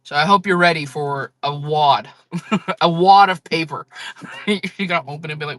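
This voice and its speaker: A woman's voice: deep voice, moderate pace, dry recording. A woman chatting casually on a live-selling stream, joking, rambling and laughing often.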